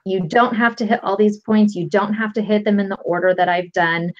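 A woman guest coach calmly walking listeners through a tapping technique step by step, with a patient, explanatory manner. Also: medium pitch, brisk. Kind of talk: instructional explanation. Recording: lo-fi dull audio.

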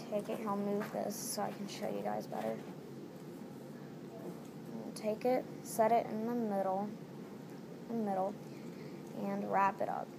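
A woman talking casually through a step-by-step craft tutorial at home, repeating each step as she goes. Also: medium pitch. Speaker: DIY tutorial maker. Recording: noisy home recording.

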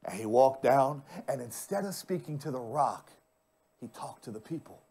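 A male pastor preaching a sermon, turning often to speak straight at the congregation and swinging from loud, stretched-out lines to hushed ones. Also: medium pitch, animated, moderate pace, vocal fry, slightly rough. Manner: addresses the congregation directly.

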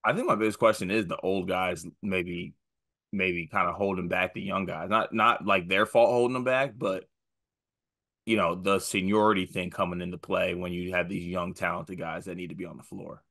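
A man's voice: sits low, steady tone, moderate pace, a bit bright. A man co-hosting a casual sports talk show, laid-back with joking self-mockery. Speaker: podcast co-host.

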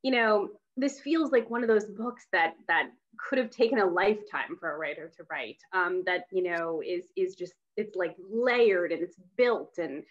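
A woman's voice: fairly low pitch, normal speed, hardly any pauses, dull audio. A woman interviewer talking casually and enthusiastically, with lots of fillers and restarts, over a video call. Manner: rambling, many fillers, enthusiastic. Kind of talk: casual conversation.

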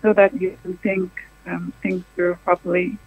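Calm woman giving advice over the phone. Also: fairly low pitch, breathy edge, no room sound, narrow, tinny audio. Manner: calm, measured, reassuring. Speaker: actress and TV personality taking a call.

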